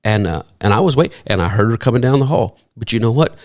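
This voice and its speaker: A man addresses an audience in an easygoing, folksy way. His voice sits at a middling pitch but ranges widely as he slips into the voices of the people in his stories. The delivery stays animated and conversational. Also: quick pace. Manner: animated storyteller who acts out quoted dialogue. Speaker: speaker. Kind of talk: storytelling talk to an audience.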